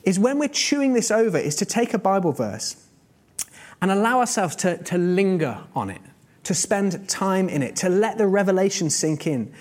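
A man's voice: high-pitched, very animated, moderate pace, a little mellow. A man preaching a sermon in a conversational, earnest teaching manner, using everyday examples.

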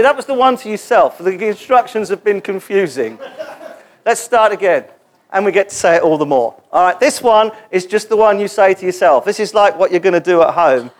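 A man preaching a sermon in a church gathering, animated and joking as he leads the congregation in call-and-response. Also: high voice, brisk.

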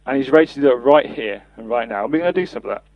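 A man's voice: medium pitch, expressive, racing, no echo. An earnest man preaches a sermon, lifting his voice whenever he quotes scripture. The sound is dry, with no room around it, and slightly dull, like a lo-fi podcast recording. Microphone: podcast mic.

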